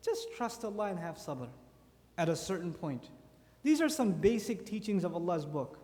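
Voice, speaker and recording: Man giving an animated conference sermon, high voice, long hall reverb. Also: normal speed. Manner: animated, lively storytelling with rhetorical questions. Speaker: speaker at a youth conference. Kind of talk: lecture sermon.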